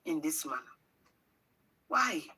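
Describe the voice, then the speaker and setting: A woman's voice: low-pitched, very animated, takes it slowly, pushed and bright, husky, poor audio. A woman with a Nigerian accent hosting a livestream, scolding her audience with rhetorical questions and slipping into pidgin. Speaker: livestream host. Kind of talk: livestream commentary.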